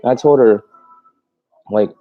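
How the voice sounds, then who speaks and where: A man's voice: mid-range voice, a little slow, narrow, tinny audio. A man, a mobile dog groomer, chatting casually on a livestream, reading out viewer comments, laughing often and talking in loose rambling bursts. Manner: rambling, laughs often, many fillers and restarts.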